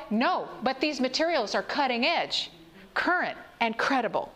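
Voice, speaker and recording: A high-pitched woman speaking to a congregation in a sermon-style talk. She tells stories and asks her listeners questions. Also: very animated, normal speed, fairly bright tone. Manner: storytelling, asks the audience questions.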